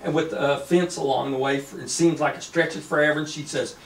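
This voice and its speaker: A man's voice: a little high, steady tone, brisk, slight background noise. Man telling a rambling story in an echoey room. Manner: rambling, with many fillers and restarts. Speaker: storyteller pitching a screenplay. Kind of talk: casual spoken story retelling. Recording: echoey room, distant mic.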